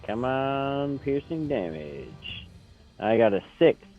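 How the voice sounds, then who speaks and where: A man's voice: mid-range voice, big pitch swings, slow, muffled recording, faint music behind. A young man playing in a tabletop game, joking and casual. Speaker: player. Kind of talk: casual chat.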